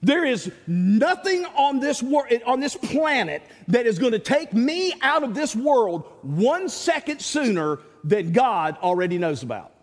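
Male pastor, folksy storyteller, high and lively voice, long hall reverb. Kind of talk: sermon.

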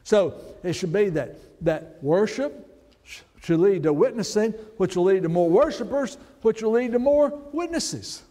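A man's voice: high voice, animated, a little slow, warm tone, long reverb tail. A man preaching a sermon to his congregation, emphatic, and leading them through read-alongs. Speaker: pastor. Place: church sanctuary.

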